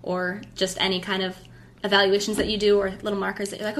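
A woman's voice: mid-range voice, flat delivery, fast, fairly bright tone, slight background noise. A woman hosting a casual faith conversation, encouraging and asking reflective questions. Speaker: podcast host.

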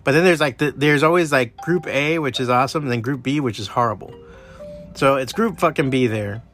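Middle-aged guy ranting on his podcast, swears a lot, mid pitch, faint music behind. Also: fairly quick. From Miami area. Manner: profane, heated, animated storytelling. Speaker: podcast host. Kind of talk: casual solo rant.

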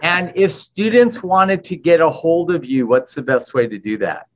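A man hosting a podcast interview, asking friendly, quick questions. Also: fairly high pitch, a little hiss or hum. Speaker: podcast host. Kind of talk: casual interview.

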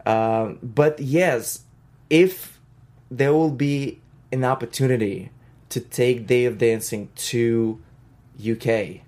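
A woman with a Russian accent, a professional dancer and choreographer, chatting in an interview with lots of fillers and quick bursts. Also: rumbling low, darkish tone. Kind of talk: casual interview talk.

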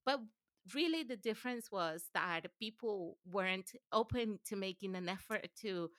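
A woman from Venezuela, a native Spanish speaker, talking as a podcast guest in a relaxed, reflective way, with a Spanish-influenced English accent that carries a slight South African touch and many "like"s. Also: mid-range voice, moderate pace, dry recording, clean studio sound. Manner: relaxed and reflective, says "like" often, laughs easily. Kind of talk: casual interview conversation.

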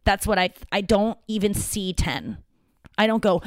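Talking alone on her podcast, this host is animated but unhurried, with a medium-pitched voice. She rambles casually, jokes at her own expense, and lets the occasional swear slip, all recorded in a clean studio with no room sound.

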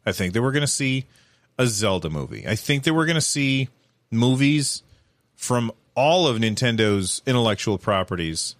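A man in casual commentary, talking in an animated, rambling way full of fillers and restarts. His voice sits at an ordinary middle pitch. It is recorded dry, with no room sound around it. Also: moderate pace, no room sound.

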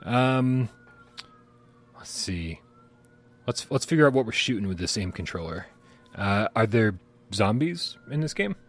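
A man's voice: on the low side, animated, a little slow, pauses often. A man co-hosting a live gaming stream, rambling and swearing casually, often laughing. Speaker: podcast co-host. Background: sirens outside.

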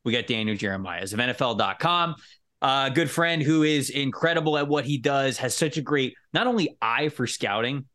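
A man hosting a casual sports podcast, upbeat and quick with asides and laughter. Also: mid-range voice, animated, bright, forceful tone. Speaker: podcast host.

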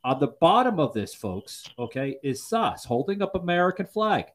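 A man's voice: on the high side, big pitch swings, normal speed, hardly any pauses. A man hosting a political talk show, stammering often and repeating "folks". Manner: stammering with many fillers, keeps saying folks. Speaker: host.

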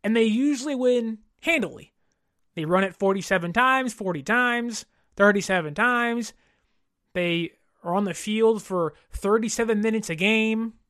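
A woman in her thirties hosting a sports podcast, ranting in an exasperated, animated way with mocking mimicry. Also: fairly high pitch, no room sound, studio quality. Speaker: podcast host. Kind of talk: casual sports podcast rant.

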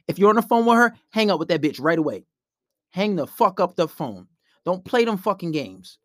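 Man, profane casual monologue, fairly high voice, dry close mic. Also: very animated, brisk, dry recording. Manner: profane, blunt, acts out both sides of arguments. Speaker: podcast host giving dating advice.

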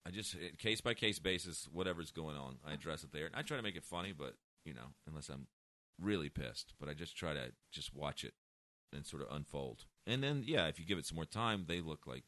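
A man's voice: very deep voice, animated, fairly quick, pushed and bright, no echo. A man who is a stand-up comedian, telling blunt, profane stories in casual chat. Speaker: comedian guest.

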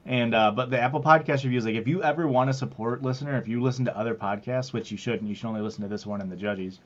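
A man's voice: medium pitch, racing. A man hosting a podcast in casual chat, rambling and jokey as he plugs the show. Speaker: podcast host. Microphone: wrong mic picked by the recording software. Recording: dull lo-fi mic.

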